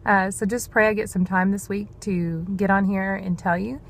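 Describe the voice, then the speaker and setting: A woman with a medium-pitched, steady voice and vocal fry talks at a moderate pace in a devotional vlog where she shares prophetic words. She is earnest and a bit rambling, says "y'all," and sounds emotional, close to tears.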